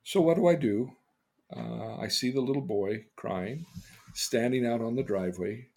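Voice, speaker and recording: Older male host, husky voice, earnest storyteller, mid pitch. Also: moderate pace. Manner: earnest and emotional, voice swinging between loud and hushed. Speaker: podcast host. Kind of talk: personal storytelling.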